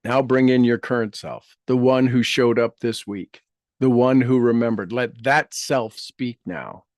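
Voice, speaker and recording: A man leading a guided meditation, speaking affirmations slowly and gently, repeating each phrase with soft trailing endings. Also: medium pitch, fairly even intonation, no room sound, studio quality. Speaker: meditation leader.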